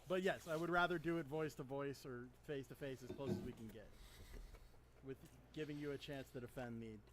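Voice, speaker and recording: A man hosting a live stream panel, speaking in a measured, hesitant way with frequent restarts. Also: mid-range voice, background noise.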